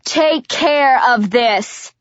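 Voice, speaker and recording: A woman's voice: high-pitched, animated, drawn-out words, no echo, dull audio, heavily acted. A woman voicing a stern young male soldier leader who gives clipped, cold orders. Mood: commanding.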